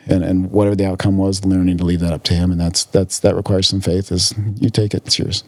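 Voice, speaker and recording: A man's voice: deep voice, flat delivery, fast talker, hardly any pauses, a little mellow, no echo. A man as a podcast guest, talking earnestly in casual conversation and often repeating words as he searches for them. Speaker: podcast guest, physician in recovery.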